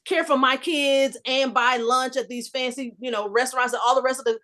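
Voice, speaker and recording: A woman in her fifties telling a personal story in a casual group discussion, animated and emphatic. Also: high voice, brisk. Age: 50s. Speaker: discussion panelist.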